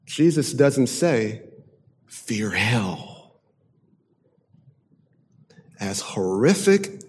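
A man delivers a sermon at a slow, deliberate pace, leaning hard on each phrase. He rises to loud declaiming and then drops to a hushed intensity. A long hall reverb trails behind his mid-pitched voice. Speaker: preacher.

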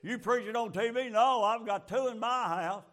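A man's voice: very high-pitched, normal speed, fairly bright tone. A man preaching a fervent, folksy sermon full of rhetorical questions.

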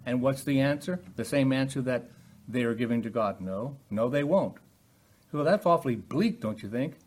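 Here an older man preaches Bible teaching in a sermon manner, husky and mid-range, at normal speed. His earnest tone swings from calm exposition to loud, pressing emphasis.

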